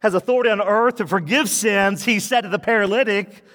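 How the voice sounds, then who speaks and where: A man preaching a sermon to his church, animated, acting out quoted voices and laughing often. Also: high-pitched, brisk, hardly any pauses, in a large hall. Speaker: pastor.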